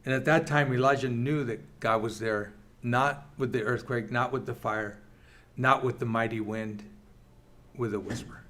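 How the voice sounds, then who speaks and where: A man's voice: mid-range voice, steady tone, fairly bright tone. Earnest man teaching a church class. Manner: earnest, reads scripture aloud, quick asides. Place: church meeting room.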